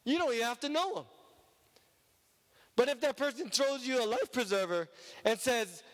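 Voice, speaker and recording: Male preacher, high voice, emphatic sermon delivery, long hall echo. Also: moderate pace, pauses often. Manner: emphatic, rising and dropping to a hushed low voice.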